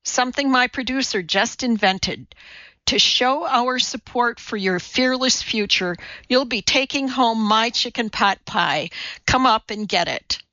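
A woman reading a brisk, confident TV cook. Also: fairly high pitch, sharp tone, no room sound, muffled recording. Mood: firm. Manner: firm, matter-of-fact. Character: confident, brisk woman TV cooking host and mother.

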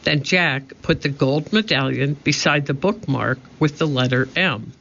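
Man, children's storybook narrator, slow, bright, muffled. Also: on the high side, gravelly. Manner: steady, expressive reading. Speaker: audiobook narrator. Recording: muffled lo-fi audio.

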